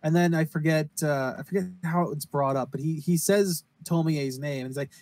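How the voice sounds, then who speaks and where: His voice sits on the high side and is a little mellow, at normal speed with no echo. This podcast co-host rambles through a casual recap of a horror anime, cursing and performing the lines he quotes.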